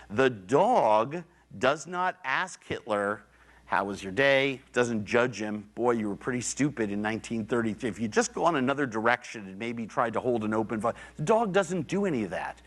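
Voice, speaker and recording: Middle-aged male lecturer, conversational storyteller, blunt and casual. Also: mid-range voice. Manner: conversational storytelling, acts out quoted voices. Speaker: public lecturer. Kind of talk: public lecture. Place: university theater.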